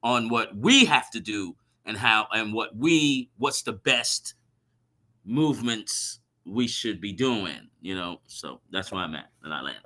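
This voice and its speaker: A man sitting in on a podcast panel, talking in a loose, rambling way full of "you know" and "right?" asides. His voice has a very bright, sharp edge. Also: lowish voice, expressive, a little slow. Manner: rambling, many fillers like "you know" and "right?", laughs at his own points. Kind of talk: casual panel discussion.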